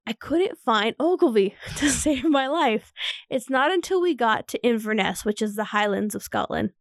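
Tipsy young woman, high voice, animated storyteller who swears casually. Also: moderate pace, dry recording, clean studio sound. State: tipsy from vodka shots.

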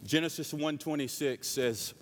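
Passionate Southern preacher, high-pitched man, big reverberant church sound. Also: moderate pace. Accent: Southern US, North Carolina. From North Carolina. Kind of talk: sermon.

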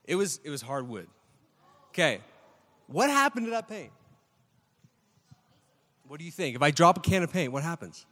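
A man's voice: fairly high pitch, moderate pace, long pauses, in a large hall. A man preaching a sermon as pastor, telling stories with energy and putting questions to the congregation. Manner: animated storytelling, asks the crowd questions.

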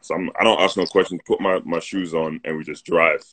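Give me a very deep, husky-voiced London man telling stories casually on a phone. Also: fairly even intonation, a little fast, fairly bright tone. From North London, England. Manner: laid-back storyteller, "like" and "you know". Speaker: co-host. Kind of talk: casual storytelling chat on a live stream. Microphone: phone on a live video stream.

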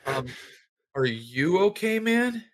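A man's voice: high voice, big pitch swings, slow pace, fairly bright tone, a little hiss or hum. A man narrating a tabletop game as game master, in a loose, rambling way with many fillers.

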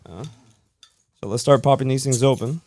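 A man's voice: mid-range voice, normal speed, a little mellow. A man hosting a casual podcast with friends, laid-back and joking with slangy talk, recorded in a small room on a table mic. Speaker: podcast host. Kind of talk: casual chat. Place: indoor room with several guests. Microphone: studio mic at a table.

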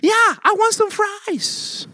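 A man's voice: extremely high pitch, takes it slowly, sharp tone, dry recording, studio quality, pitched above the performer's own voice, full character voice. A man doing a pouty little boy. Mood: eager. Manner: petulant, then eager and sing-song. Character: a boy of almost three who only wants fries.

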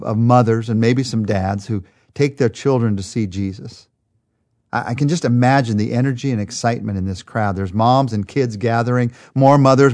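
An earnest male Bible teacher leads a daily study, setting the scene like a storyteller and pausing to restart a word now and then. His voice sits in an ordinary, middle register for a man. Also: mid-range voice, darkish tone. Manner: earnest storytelling, vivid retelling with small restarts.

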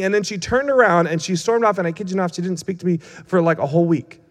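A young man preaches in a loose, conversational way, mixing self-mocking stories with teaching. His voice sits slightly high for a man, and a long reverb hangs after each phrase, as in a church hall. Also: fast talker, hardly any pauses. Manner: casual, humorous, self-mocking. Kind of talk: sermon with storytelling.

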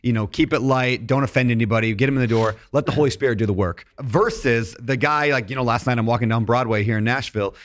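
A man's voice: mid-range voice, fast talker, few pauses, no echo. A man hosting a podcast interview who asks long, rambling questions full of fillers. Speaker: podcast host. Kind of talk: conversational interview.

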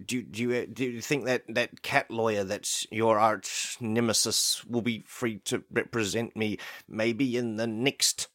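A man's voice: fairly low pitch, fairly even intonation, unhurried, fairly bright tone, no echo, studio quality. A man voicing a bumbling male criminal who brags and stammers in melodramatic comedy-sketch style. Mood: flustered. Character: bumbling self-proud male criminal mastermind.

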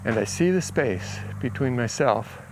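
Relaxed man telling a story outdoors. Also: medium pitch, measured pace, slight background noise. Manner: relaxed, retells conversations with quoted dialogue. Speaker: healing coach. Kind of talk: casual storytelling vlog.

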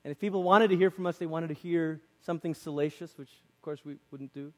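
A man preaching a conversational sermon as a pastor, lively and acting out quoted voices, in a church. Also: a little high, a little fast, long reverb tail. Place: church sanctuary.

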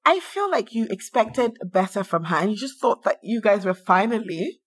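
A woman's voice: mid-range voice, moderate pace, breathy edge. A woman guesting on a podcast, chatting casually and acting out her reactions with frequent laughter. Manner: animated, acts out reactions and laughs often. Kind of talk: casual chat.

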